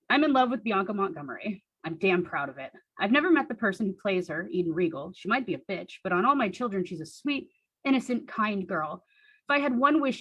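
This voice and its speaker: A young woman reading her teenage diary aloud on stage, earnest and deadpan with wry asides. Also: medium pitch, breathy edge, no room sound, poor audio. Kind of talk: comic reading of childhood diary.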